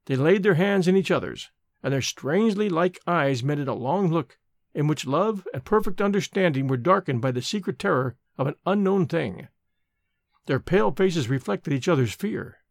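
Casting: male storybook narrator, gravelly tone, lively pitch, dry close sound. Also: no echo. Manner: expressive, measured storytelling. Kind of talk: scripted narration of a gothic story.

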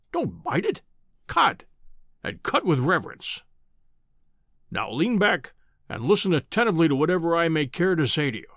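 A man voicing a pompous, booming older male professor who talks down to his listener in an audiobook reading. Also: fairly bright tone, no room sound, studio quality. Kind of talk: audiobook character voice.

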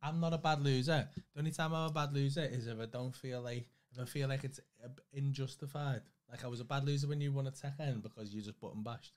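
A man's voice: mid-range voice, steady tone, quick pace, hardly any pauses, slight background noise. A man co-hosting a comedy podcast, swearing freely and acting out quotes in casual banter. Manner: swears freely, laughs often, acts out quotes.

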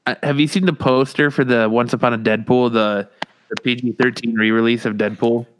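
A man's voice: mid-range voice, fairly quick, slight background noise. Profane, joking male podcast host. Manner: profane, animated storyteller who acts out quotes. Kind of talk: casual podcast banter.

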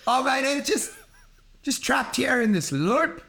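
A man's voice: very high voice, animated, unhurried, vocal fry, bright, forceful tone. A man, a comedian rambling through a casual podcast chat, laughing often and swearing freely.

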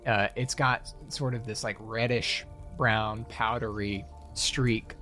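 A man's voice: fairly low pitch, steady tone, slow pace, pushed and bright, faint music behind. A man narrating a fantasy scene as game master, in loose, rambling speech full of fillers.

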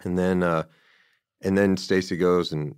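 Deep-voiced man rambling about a film. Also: fairly even intonation, a little slow, darkish tone, clear, resonant tone, dry recording, studio quality. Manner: rambling, enthusiastic, quotes dialogue in passing. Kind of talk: casual film discussion.

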